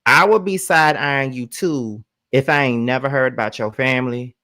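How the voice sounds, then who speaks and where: A man's voice: medium pitch, moderate pace, bright, forceful tone. A man reacting to a story in casual commentary, blunt and conversational, repeating himself.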